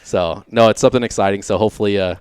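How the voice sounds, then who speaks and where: A man's voice: fairly low pitch, very fast, a little mellow, clear, resonant tone, no room sound, clean studio sound. A middle-aged man, a guest on a podcast, chatting casually in a laid-back way, laughing easily and trailing off with fillers. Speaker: podcast guest, off-road racer and team owner. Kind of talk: casual chat.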